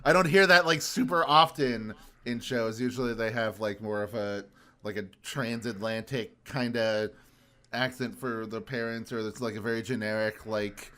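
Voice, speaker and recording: A man co-hosting a podcast in casual chat, talking haltingly with many restarts. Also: on the low side, fairly even intonation, pushed and bright. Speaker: podcast co-host.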